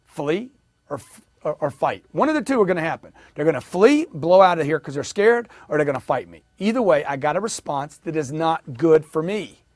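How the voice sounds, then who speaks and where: Energetic male sales coach, slightly high-pitched, punchy repetition, dry recording. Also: no echo. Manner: energetic, emphatic, drills audience with repetition. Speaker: sales trainer. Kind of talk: motivational sales training talk.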